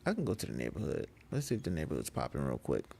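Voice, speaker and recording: Low raspy-ish streamer dude chatting w his viewers, dark mellow voice, laughs a lot. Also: rapid-fire, a little hiss or hum. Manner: laid-back, laughs often, gets animated when ranting. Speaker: gaming streamer. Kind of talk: casual live-stream chat with viewers.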